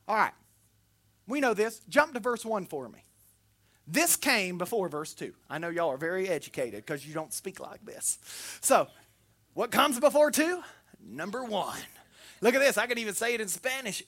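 A man from Florida with a Southern accent, preaching a sermon in a folksy, humorous way, swinging between loud and soft. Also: sits high, sing-song, normal speed. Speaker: pastor.

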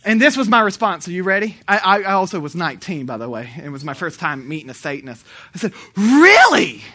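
A man's voice: sits high, quick pace, pushed and bright. A male preacher delivering a sermon in an emphatic, storytelling way, hammering repeated phrases.

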